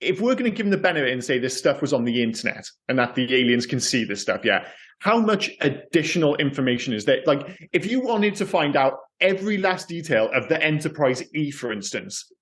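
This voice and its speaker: Podcast co-host, male, slightly higher-pitched voice, loose rambling delivery that trips over itself. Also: brisk. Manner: rambling, self-correcting, animated. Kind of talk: casual film discussion.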